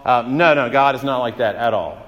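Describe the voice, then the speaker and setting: A man's voice: mid-range voice, fairly quick, a bit bright, highs cut off. Man preaching in a reverberant hall. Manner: conversational preaching with frequent uh fillers and vivid everyday examples. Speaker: pastor. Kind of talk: sermon.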